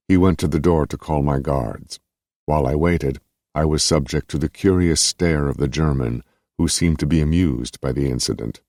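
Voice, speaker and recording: A man narrating an audiobook memoir in a measured, deliberate way. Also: rumbling low, darkish tone, no echo, studio quality.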